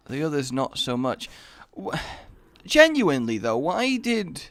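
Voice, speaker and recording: Animated man commenting on gameplay. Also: a little high. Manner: rambling, self-mocking, theatrical asides. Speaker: gaming YouTuber. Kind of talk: Let's Play commentary.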